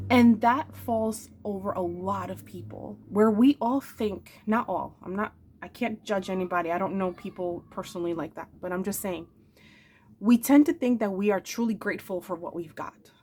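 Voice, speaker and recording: A woman in her forties, medium-pitched with a darkish tone, speaks at a moderate pace in an earnest, emotional confessional vlog. She calls her viewers "my darlings" and repeats phrases for emphasis, with slight background noise behind her.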